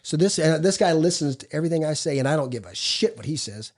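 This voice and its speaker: A man's voice: a little high, expressive, fast talker. A middle-aged man co-hosting a recovery podcast, telling stories in a blunt, profane, casual way. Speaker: podcast co-host. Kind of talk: casual recovery group chat.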